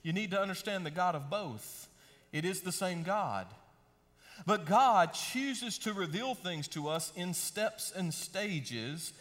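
A middle-aged man preaching a sermon in a folksy, emphatic style, swinging between loud and hushed delivery. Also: sits high, animated, takes it slowly. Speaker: pastor. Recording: long reverb of a large hall.

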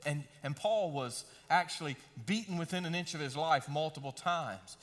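A middle-aged man preaching a sermon in a folksy, emphatic style, swinging between loud and hushed delivery. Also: a little high, normal speed. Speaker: pastor. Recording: long reverb of a large hall.

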